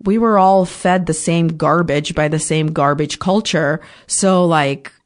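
Frank, low-voiced woman podcast guest. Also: measured pace. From Ukraine. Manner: frank, swears freely, acts out her past outbursts. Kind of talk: candid conversational storytelling.

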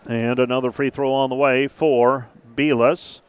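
A man calling live basketball play-by-play, brisk and name-by-name, with stat asides between plays. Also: mid-range voice, little pitch movement. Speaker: play-by-play announcer.

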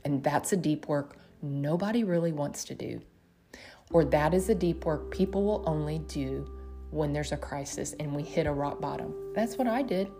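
A woman preaching a sermon in an earnest, emotional way, often stopping to voice heartfelt prayers. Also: on the low side. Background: music.

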